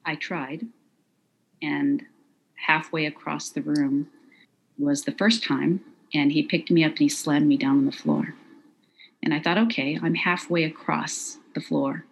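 A middle-aged woman recounting a personal story in an interview, quiet, measured and halting. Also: deep voice, fairly even intonation, creaky, slight background noise, poor audio. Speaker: guest.

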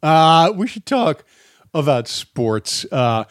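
A middle-aged man co-hosting a podcast, telling stories in a casual, profane, animated way. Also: a little high, slow pace, no echo, clean studio sound. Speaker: podcast co-host. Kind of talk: casual chat.

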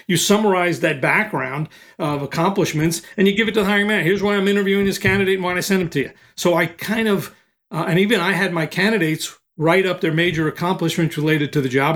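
Older man telling an animated story. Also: fairly high pitch. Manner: animated storyteller, acts out quotes. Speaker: recruiting expert guest. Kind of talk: storytelling in a podcast interview.

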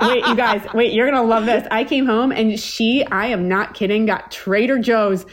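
A woman in her thirties, a podcast guest telling family stories in casual chat, with many restarts and lively put-on voices for her relatives. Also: on the high side, moderate pace, background noise. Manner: chatty storyteller, many likes and restarts, acts out family quotes.

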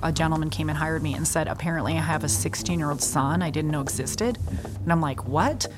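A middle-aged woman attorney spins blunt, animated stories from her cases. Her voice sits a little low, and she swears freely while acting out everyone she quotes. Music plays clearly underneath. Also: fast talker. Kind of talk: storytelling in a podcast interview.

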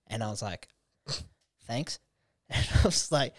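A man's voice: lowish voice, no room sound, clean studio sound. A young man hosting a podcast, telling stories animatedly with lots of swearing and laughter. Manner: animated storyteller, swears freely, quick laughs. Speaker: podcast host. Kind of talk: casual chat.

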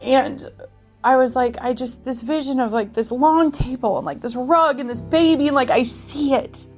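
A woman's voice: high voice, moderate pace, a little mellow, faint music behind. A woman from Minnesota, a guest on an interview podcast, chatting casually with frequent "like" fillers and acting out quoted conversations. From Minnesota, USA.

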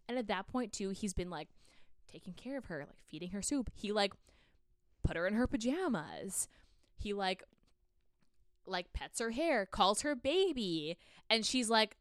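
A woman's voice: medium pitch, animated, normal speed, dry recording, clean studio sound. A woman co-hosting a book podcast, casually retelling a story with lots of muttered quoted dialogue and swearing. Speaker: podcast co-host.

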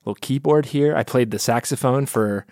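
A man's voice: medium pitch, normal speed, a little mellow, no echo, studio quality. A man chatting as a podcast guest, laughing often and rambling in a self-mocking way. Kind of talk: casual chat.

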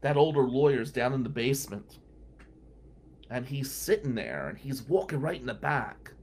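Lively storytelling man. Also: medium pitch, moderate pace, vocal fry, breathy edge. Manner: animated anecdotal storyteller, acts out quotes. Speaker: lawyer and show regular. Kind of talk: storytelling on a radio talk show.

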